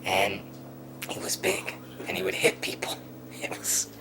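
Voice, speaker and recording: A man performing a wry comic monologue, drifting between whispers and loud bursts. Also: lowish voice, wildly swooping pitch, measured pace, gravelly, pauses often. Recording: noisy old video recording with hum.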